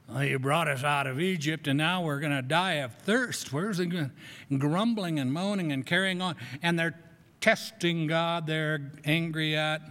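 A man's voice: on the high side, fairly bright tone. A male pastor giving a conversational, self-deprecating sermon in a church. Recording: long echo of a large hall.

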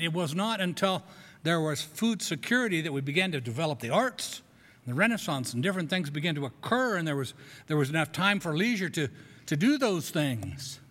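A man's voice: fairly high pitch, a bit bright. A male pastor giving a conversational, self-deprecating sermon in a church. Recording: long echo of a large hall.

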